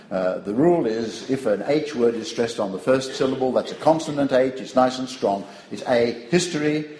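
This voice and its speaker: Older aussie guy giving a lecture, wry and rambly, echoey room, bit of hum behind. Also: medium pitch. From Australia. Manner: wry, digressive, animated storytelling. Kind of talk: public lecture.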